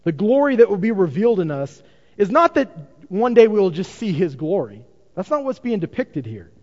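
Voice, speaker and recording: A man's voice: high-pitched, very animated, normal speed, a little mellow. Guy preaching in a church, voice swings all over, long hall echo, kinda dull audio. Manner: emphatic preaching with rhetorical questions. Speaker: pastor. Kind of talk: sermon. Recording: dull lo-fi recording in a reverberant hall.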